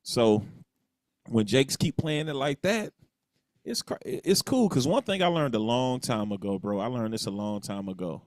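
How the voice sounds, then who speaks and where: A man's voice: medium pitch, animated, moderate pace, dry recording, clean studio sound. A man on a podcast driving home his point emphatically, repeating phrases and mockingly quoting others. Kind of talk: podcast talk, preachy commentary.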